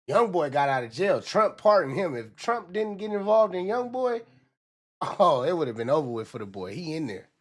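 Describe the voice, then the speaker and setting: A man ranting on a livestream with loose, animated, repetitive talk, often slipping into mock voices. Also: on the high side, normal speed. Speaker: livestream commentator.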